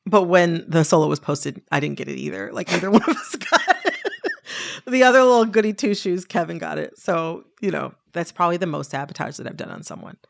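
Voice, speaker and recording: A woman co-hosting a podcast, telling personal stories in an animated, laughing way. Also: fairly low pitch, brisk, creaky. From Detroit area. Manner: animated storyteller, laughs often. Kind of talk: casual storytelling chat.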